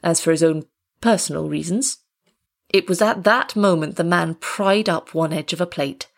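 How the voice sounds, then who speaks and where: A woman narrating an audiobook story in a steady, measured way. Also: lowish voice, vocal fry.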